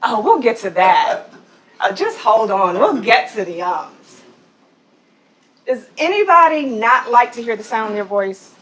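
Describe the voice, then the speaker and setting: This woman, a voice and presence trainer, coaches a group through a corporate voice workshop in an office training room, posing questions and often breaking into laughter. She speaks at a measured pace in a slightly high, very animated voice with a fairly bright tone. The recording quality is low.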